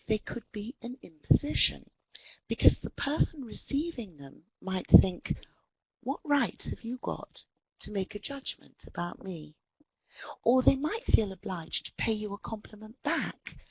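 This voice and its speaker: British woman, webinar presenter, husky voice, very animated pitch, dry close sound. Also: no echo, rough recording. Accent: British English. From Britain. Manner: animated, mimics quoted voices. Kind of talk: lively lecture with acted-out dialogues.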